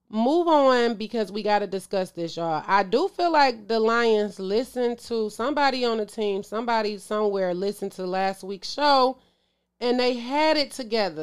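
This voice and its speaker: A woman's voice: medium pitch, clear, resonant tone. A woman hosting a casual sports show to camera, emotional, sighing and calling out to her viewers. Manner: emotional, exclaims and sighs, talks to viewers as "y'all".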